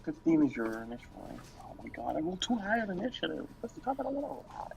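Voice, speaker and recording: A player in a tabletop game, chatting casually, quick and joking. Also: medium pitch, sing-song, creaky, slight background noise, low-quality recording.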